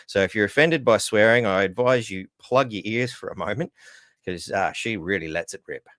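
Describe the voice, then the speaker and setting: A man's voice: lowish voice, normal speed, fairly bright tone, no echo, studio quality. A man hosting a casual news-wrap stream, wry and sarcastic, swearing freely. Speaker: host. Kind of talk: casual commentary.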